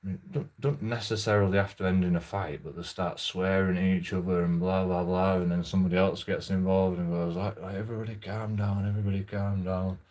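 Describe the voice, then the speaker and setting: Low-voiced rambling man. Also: little pitch movement, darkish tone. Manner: rambling, halting, swears freely. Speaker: channel host. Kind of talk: casual storytelling monologue.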